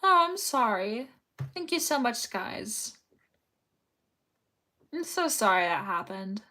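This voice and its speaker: A woman's voice: a little high, very animated, takes it slowly, sharp tone. A young woman chatting casually on a livestream while sewing, rambling and reading chat messages aloud. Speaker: live streamer.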